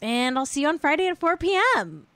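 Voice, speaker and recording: A woman's voice: sits high, sing-song, brisk, bright, forceful tone, no room sound. A woman hosting a podcast in casual chat, sarcastic and blunt, swearing freely and filling her talk with "like". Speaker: podcast host.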